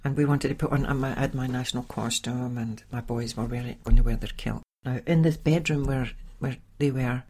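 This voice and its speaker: A middle-aged woman hosting a podcast, telling a personal story in a chatty, animated way. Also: a bass voice, moderate pace, few pauses, slightly rough. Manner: chatty, animated, with sighs and laughs. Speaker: podcast host. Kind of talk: casual storytelling monologue.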